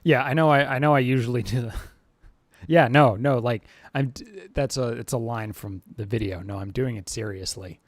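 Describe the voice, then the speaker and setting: A man's voice: medium pitch, normal speed, dry recording. A man hosting a casual livestream, rambling with many fillers and frequent chuckles. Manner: rambling, full of fillers and restarts, chuckling often. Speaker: channel host livestreaming to chat.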